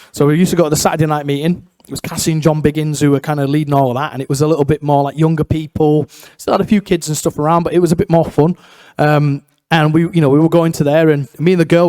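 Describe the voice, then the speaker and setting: A young man, telling his life story in a church, lively and self-mocking, acting out the voices of the people in it. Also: fairly high pitch, no echo. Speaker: guest speaker sharing testimony. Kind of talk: testimony storytelling.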